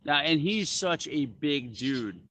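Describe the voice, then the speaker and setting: Animated man telling stories, lots of "like". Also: a little high, takes it slowly, no echo, poor audio. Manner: animated storyteller, lots of "like" and "dude". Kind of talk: casual chat.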